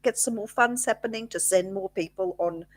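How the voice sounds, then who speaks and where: Husky Australian woman, dry close sound. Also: medium pitch, moderate pace, dry recording. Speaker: co-host of a live chat stream. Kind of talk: casual live-stream chat.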